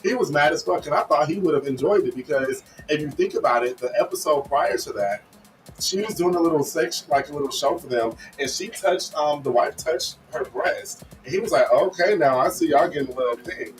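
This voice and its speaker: A man co-hosting a casual radio chat show, talking bluntly and profanely and telling stories in an animated way. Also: a little high, a little fast. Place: radio studio. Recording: distant mic with music behind.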